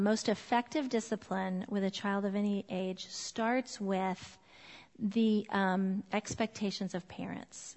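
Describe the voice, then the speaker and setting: Casting: woman in her forties, church parenting speaker, chatty and informal with fillers, recorded with long hall reverb. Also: mid-range voice. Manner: warm, chatty, laughs often, many fillers. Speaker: women's ministry speaker.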